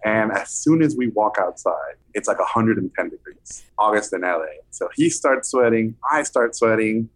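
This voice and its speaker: A man recounting an anecdote as an interview guest, lively and animated, acting out the people he quotes. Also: lowish voice, moderate pace, few pauses. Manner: animated, acts out quoted voices. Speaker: film director guest. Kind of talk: anecdotal storytelling.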